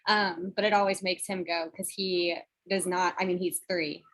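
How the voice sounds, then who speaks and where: A woman's voice: on the low side, little pitch movement, normal speed, a bit bright, low-quality recording. A woman on a video call chatting casually about her toddler, laughing as she talks. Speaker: parent on the team.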